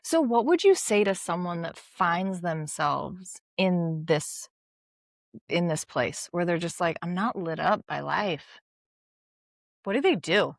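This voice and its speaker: Woman podcast host, unhurried, encouraging, dry close sound. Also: on the low side, animated, vocal fry, no room sound. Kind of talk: casual conversation.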